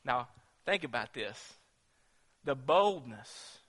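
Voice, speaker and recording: A man preaching a sermon, retelling a story in an animated way that swings from hushed to emphatic. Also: mid-range voice, slow, long reverb tail.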